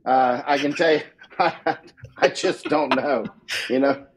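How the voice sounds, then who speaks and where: A husky man with a somewhat high voice talks as a guest in a casual interview. He is emphatic and repeats himself, and he often laughs at his own lines. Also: slow pace, rough recording. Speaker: war correspondent guest.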